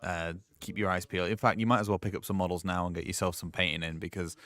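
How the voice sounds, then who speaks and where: A man with a loose, mixed English accent talks through a tabletop wargame tournament in a chatty, self-deprecating way. His voice sits slightly low. He jokes easily with his co-hosts. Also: little pitch movement, fast, a bit bright, no room sound. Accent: English, northern mix. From England. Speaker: tournament commentator. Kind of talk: casual game commentary.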